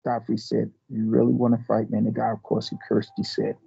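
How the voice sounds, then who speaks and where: Gravelly older man telling a story. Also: fairly low pitch, a little fast, dull audio. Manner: animated storyteller, restarts and repeats words. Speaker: martial arts master. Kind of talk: storytelling interview.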